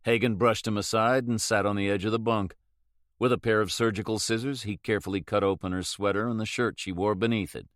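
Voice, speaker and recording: Steady and measured, a man on the low side of the pitch range reads scripted narration for an audiobook. The recording is dry and of studio quality.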